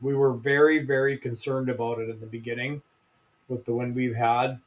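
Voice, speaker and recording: Plainspoken fishing guide, mid-pitched. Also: male voice, level tone, normal speed, highs cut off. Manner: plainspoken, matter-of-fact about fishing. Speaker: fishing lodge staff, ice fishing guide. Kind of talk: casual live-stream chat.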